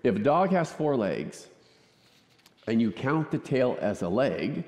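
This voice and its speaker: A man preaching a conversational, joking sermon in a church, chatty and quick to laugh. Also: medium pitch, big pitch swings, a little mellow. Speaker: pastor. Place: church sanctuary. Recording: echoey church hall.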